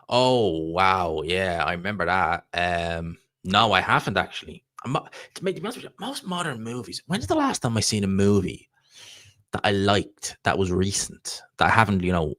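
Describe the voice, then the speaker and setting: A man's voice: fairly low pitch, expressive, normal speed, fairly bright tone, dry recording, studio quality. An Irish man hosting a live stream, chatting casually and rambling through answers to viewer questions. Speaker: livestream host reading viewer chat.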